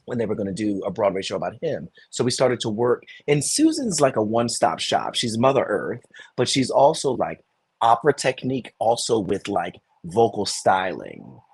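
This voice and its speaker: Husky low-voiced man telling stories. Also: normal speed. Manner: animated, storytelling, many restarts. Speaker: Broadway performer guest. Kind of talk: conversational interview.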